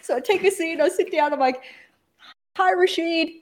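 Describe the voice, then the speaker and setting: Woman, esports broadcaster, casual storyteller. Animated, acts out every quote, swears a lot. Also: sits high, racing, background noise.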